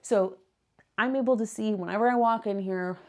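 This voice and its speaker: A young woman who vlogs about her reselling business chats to camera from her home office, using a whiteboard and a clip-on wireless mic. Her voice is medium-pitched and moderately paced, and she's a little out of breath as she acts out her inner voice with upswings.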